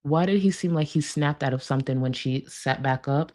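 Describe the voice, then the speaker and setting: Low-voiced woman, blunt profane commentary. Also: brisk, few pauses. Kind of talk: reaction commentary.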